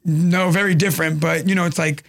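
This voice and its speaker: A young man with a thick New York accent rambles through a story, acting out every quote. His voice sits high and has a gravelly edge. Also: steady tone, a little fast, a bit bright. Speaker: podcast co-host. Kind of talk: casual storytelling chat.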